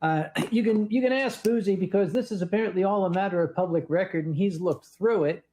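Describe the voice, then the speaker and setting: Casting: man, high-pitched, wry convention chair spinning dry anecdotes. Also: a little fast, dark tone, slight background noise, low-quality recording. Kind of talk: casual panel talk.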